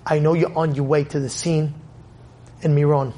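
A man voicing a worried middle-aged father who speaks in a hushed, urgent way. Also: on the high side, level tone, moderate pace, slight background noise, pitched below the performer's own voice, lightly acted.

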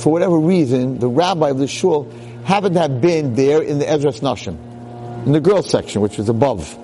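A man telling a story in a sermon, an animated storyteller with dramatic pauses. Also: a little high, a little hiss or hum. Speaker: rabbi lecturer.

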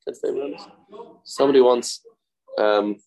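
A man's voice: medium pitch, steady tone, normal speed, gravelly, a little mellow, low-quality recording. A man with a mid-range voice teaches a Talmud study lesson. He talks in a conversational way and often repeats himself to drive a point home. He mixes English with Hebrew and Aramaic terms. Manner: conversational, repeats his points and uses everyday examples.

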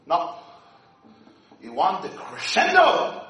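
Brief: man, fiery sermon, quiet to shouting, very roomy hall sound. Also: high-pitched, huge pitch swings, takes it slowly, pauses often. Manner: dramatic swings from hushed to shouting. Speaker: rabbi giving a speech. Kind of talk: impassioned sermon. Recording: echoey hall, distant mic.

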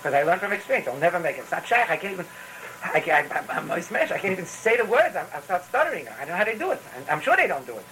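His voice sits high and sounds sing-song, bright, and forceful as he races through a Torah talk full of stories, repetitive restarts, and Yiddish phrases. The audio is poor, with a little hiss or hum.

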